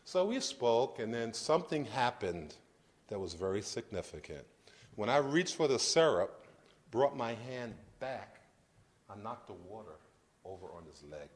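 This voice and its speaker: A man in his fifties from Brooklyn, New York, giving a lively storytelling lecture and acting out scenes for the audience. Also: fairly low pitch, measured pace. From Brooklyn, New York, United States. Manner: animated, acts out scenes, addresses the audience directly. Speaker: guest lecturer.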